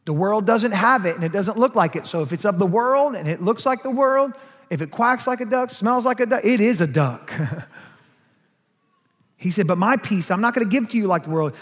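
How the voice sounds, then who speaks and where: A man's voice: sits high, expressive, moderate pace, a bit bright. A man preaching a sermon as pastor, emphatic, rising and falling in force. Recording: long hall reverb.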